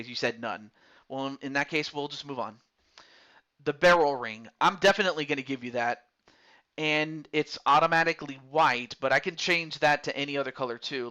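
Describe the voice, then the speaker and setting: A streamer's medium-pitched voice comes across bright and forceful as he casually chats his way through a baseball game's character creation menus. He reads the options aloud to a viewer as he chooses them, in the style of relaxed game commentary.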